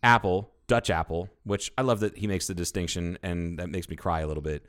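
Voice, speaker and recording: A man co-hosts a casual podcast, talking about baking in a rambling, enthusiastic way and swearing freely. His voice is low and a bit bright, with fairly even intonation and a slightly fast pace.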